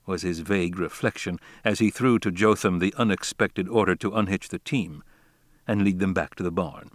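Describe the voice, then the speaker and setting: Low-voiced man reading an audiobook. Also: no room sound. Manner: measured, deliberate reading. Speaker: narrator. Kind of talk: audiobook narration of a classic novel.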